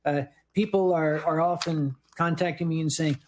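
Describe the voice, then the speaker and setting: High voiced guy telling con stories, dry and wry. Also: fairly even intonation, normal speed, a little hiss or hum, low-quality recording. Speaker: convention chairman. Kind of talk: casual panel talk.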